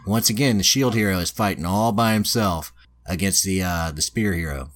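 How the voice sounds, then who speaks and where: Male podcast host, deep low voice, casual profane storyteller. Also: normal speed, fairly bright tone. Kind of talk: casual chat, retelling a plot.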